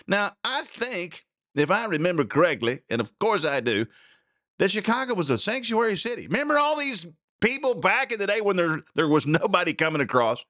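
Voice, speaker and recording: A man's voice: high voice, big pitch swings, fairly quick, bright, forceful tone, no room sound, clean studio sound. A man hosting a talk show, giving casual, sarcastic political commentary and laughing often.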